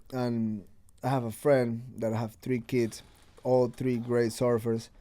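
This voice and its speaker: Animated man telling a surf story. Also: medium pitch. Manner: swears freely, acts out quotes. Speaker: podcast host. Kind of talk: casual chat, storytelling.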